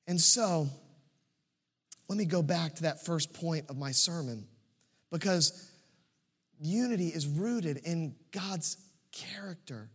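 A man in his thirties delivers a sermon in a notably high voice. He swings between loud, emphatic peaks and soft, quiet asides. He leans on repeated phrases to drive each point home. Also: slow pace, pauses often, breathy edge, in a large hall. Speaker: pastor.

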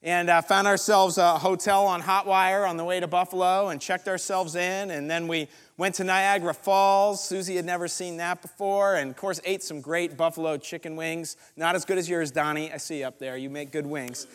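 A man with a high voice preaches a storytelling sermon, acting out each person in the story with lively voices. His voice rings with the long reverb of a large hall. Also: normal speed, few pauses. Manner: animated, acts out other people's lines. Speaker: pastor.

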